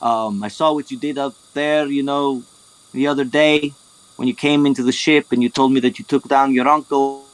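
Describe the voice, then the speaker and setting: A man's voice: medium pitch, steady tone, moderate pace, natural voice, rough recording. A man voicing a polite, hesitant woman who keeps stopping with ums as she asks a dwarf for a private word. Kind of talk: tabletop role-play over a voice call.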